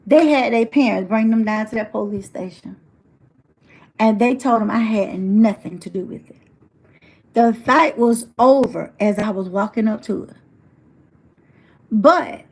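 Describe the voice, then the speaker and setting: A woman telling a personal story in a motivational talk, acting out her family's words and speaking to people in the audience. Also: a little high. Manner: animated storyteller acting out family quotes, addresses audience members.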